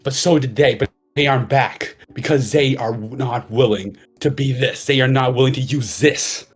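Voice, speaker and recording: A man's voice: mid-range voice, moderate pace, husky, faint music behind, pitched above the performer's own voice, close to an everyday voice. A man voicing a male adventurer giving an earnest, impassioned speech to a crowd in a tabletop game. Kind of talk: tabletop roleplay in character.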